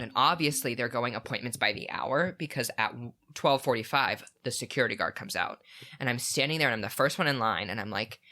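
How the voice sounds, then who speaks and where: Bright-voiced man telling an animated story. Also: mid-range voice. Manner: animated storytelling, many "like" fillers. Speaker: podcast co-host. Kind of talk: casual storytelling chat.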